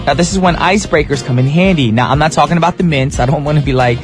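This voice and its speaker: A man's voice: fairly high pitch, quick pace. Casual male morning DJ, easygoing patter, light tenor, faint music bed. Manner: upbeat and chatty, with casual slang. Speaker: radio DJ. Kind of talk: morning radio show hosting. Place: radio studio. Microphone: studio microphone.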